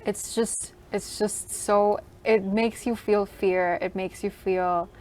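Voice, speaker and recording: A woman's voice: medium pitch, fairly even intonation, slow pace, darkish tone. A woman hosting a radio show, chatting through a film review with gushing enthusiasm and lots of "like"s. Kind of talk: casual film review chat.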